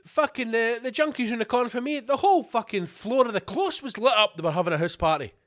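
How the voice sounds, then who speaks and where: A Scottish podcast host delivers an angry ranting monologue in a very high voice, talking fast. The sound is clean studio audio with no echo, and his rant is full of heavy swearing and repeated rhetorical questions.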